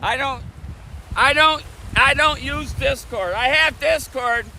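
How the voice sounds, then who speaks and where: A man's voice: very high voice, takes it slowly, creaky, pushed and bright, poor audio. A middle-aged man live streaming outdoors from a phone, chatting with viewers, repeating himself and answering chat. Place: outdoors on a beach by a busy bridge. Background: traffic and wind noise.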